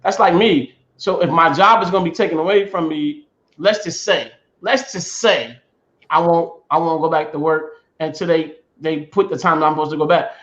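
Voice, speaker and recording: Midwest guy cohosting a chat, fairly high voice, echoey muffled room. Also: moderate pace. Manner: animated storytelling, repeats himself, laughs. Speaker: podcast co-host. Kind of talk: casual chat.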